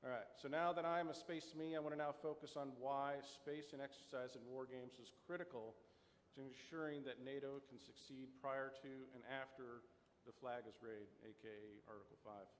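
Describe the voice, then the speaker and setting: A man's voice: mid-range voice, steady tone, normal speed. Man speaking in a reverberant conference hall. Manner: storytelling, wry asides, acronym-heavy. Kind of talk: prepared conference talk.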